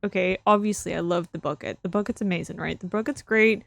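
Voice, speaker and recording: A woman streaming a video game, commenting excitably and repeating phrases over and over into a close microphone. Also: lowish voice, fast talker, vocal fry, no echo. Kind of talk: let's play commentary.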